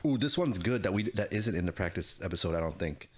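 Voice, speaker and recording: A young man with a fairly low voice that still swings widely in pitch, chatting casually as a podcast co-host. He is easygoing, laughs often, and reads out listener questions in a loose, friendly way. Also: lively intonation, fast, a little mellow, breathy edge. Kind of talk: casual chat.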